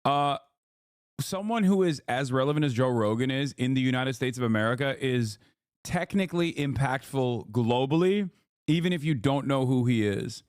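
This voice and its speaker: A man's voice: medium pitch, expressive, moderate pace, darkish tone, clear, resonant tone, no room sound, clean studio sound. A man hosting a livestream, lecturing his chat in rambling, profane casual commentary. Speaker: livestream host.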